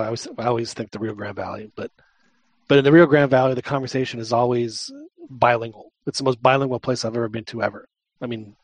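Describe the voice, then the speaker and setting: A man's voice: mid-range voice, breathy edge, dry recording. A man chatting casually as a podcast co-host, rambling and repeating words as he searches for them. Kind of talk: casual chat.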